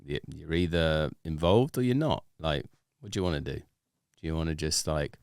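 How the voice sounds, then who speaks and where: A man with a very low, smooth voice talks loosely on a podcast. He rambles and circles back on himself, dropping "like" everywhere. The sound is close and dry. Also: moderate pace, a little mellow, no room sound. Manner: rambling, many "like"s and restarts. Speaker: guest DJ. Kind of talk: casual podcast chat.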